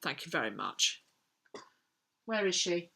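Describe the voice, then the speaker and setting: Lady book vlogger, bright voice, kinda low pitched, chatty and lots of ums. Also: big pitch swings, unhurried, gravelly, breathy edge. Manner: chatty, thinks aloud with many ums. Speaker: book vlogger answering viewer questions. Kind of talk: casual chat.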